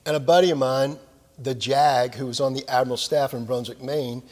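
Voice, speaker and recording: A man's voice: mid-range voice, fairly even intonation, normal speed, a little mellow, big-room sound. An older man, a retired naval officer, giving a lecture with folksy, self-deprecating stories and frequent fillers. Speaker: guest speaker at a military lecture series. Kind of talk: anecdotal lecture. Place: lecture hall of a club.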